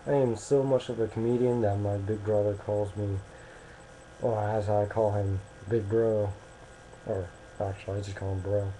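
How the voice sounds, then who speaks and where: Young man, slow rambling webcam talker, low dark voice, jokes and corrects himself. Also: level tone, slight background noise, rough recording. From Maryland, United States. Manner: rambling, self-correcting, joking. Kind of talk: casual webcam monologue.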